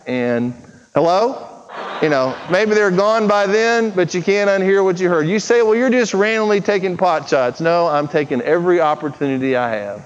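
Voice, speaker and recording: A pastor preaching an earnest, urgent sermon, acting out quoted prayers and conversations. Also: male voice, high voice, moderate pace. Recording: muffled, with long hall reverb.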